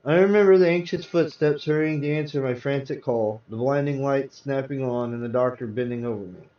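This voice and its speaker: A man's voice: mid-range voice, lively intonation, a little fast, few pauses. A man hosting a live show, reading comic book tales aloud with dramatic storytelling. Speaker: host and reader. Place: virtual-world live event. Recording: roomy, distant, dull sound.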